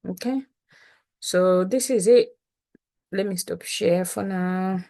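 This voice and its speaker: A woman with a Malawian accent teaches a casual online lesson from home. She speaks slowly and patiently in a lowish voice, repeating words and leaning on small fillers. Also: vocal fry, mellow. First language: Chitumbuka. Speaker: language teacher.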